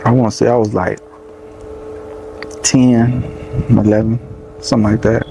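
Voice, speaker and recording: A man's voice: mid-range voice, flat delivery, measured pace, vocal fry. A young man with a Louisiana accent, a rapper telling a personal story in a casual interview, loose and rambling, full of "you know what I'm saying". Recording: faint background noise.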